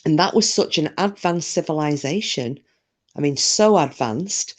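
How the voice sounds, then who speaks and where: A woman's voice: lowish voice, a little mellow. A woman from England hosting a casual livestream chat, talking freely and reading out viewer comments with self-deprecating humour. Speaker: livestream host.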